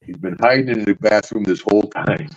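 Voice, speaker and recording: A man's voice: lowish voice, fairly quick. An older man hosting a podcast, spinning wrestling stories in casual chat, laughing often and acting out the voices. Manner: animated yarn-spinner, laughs through stories, acts out voices. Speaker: podcast host, former pro wrestler. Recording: dull lo-fi audio.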